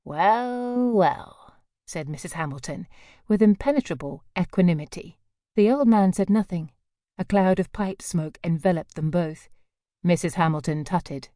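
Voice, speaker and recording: Audiobook narrator, woman, measured delivery, warm dark voice. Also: fairly low pitch, dry recording, studio quality. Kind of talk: scripted novel narration.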